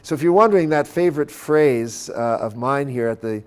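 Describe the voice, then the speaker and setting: Male conference lecturer on sacred chant, explanatory, checks in with "okay?", mid-pitched voice. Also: expressive, normal speed, clear, resonant tone. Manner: sings short chant phrases as examples. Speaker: conference lecturer on church music. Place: conference center.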